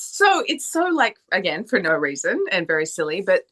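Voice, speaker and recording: An Australian woman voice actor chatting in an interview, animated and laughing, slipping into playful voices. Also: lowish voice, moderate pace, hardly any pauses. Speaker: voice actor and singer guest. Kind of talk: casual interview chat.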